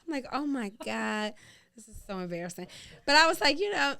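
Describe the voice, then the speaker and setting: A middle-aged woman from Louisiana chats as a podcast guest, with a high, bright voice. Her pitch leaps around as she tells stories. She laughs often and keeps exclaiming. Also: rapid-fire, gravelly. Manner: animated, laughing, exclamatory storyteller. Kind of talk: casual storytelling chat.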